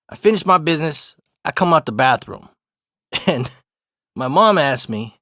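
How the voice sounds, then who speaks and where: A man's voice: on the high side, expressive, moderate pace, pauses often, a bit bright, no room sound, clean studio sound. A young adult man casually telling a funny story, swearing a lot and often laughing. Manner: profane, laid-back, laughs often.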